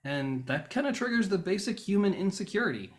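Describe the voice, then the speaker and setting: Male YouTuber doing a rambling vlog monologue: wry, self-mocking rants that spike into loud outbursts. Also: sits high, big pitch swings, a little fast. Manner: flares into loud bursts.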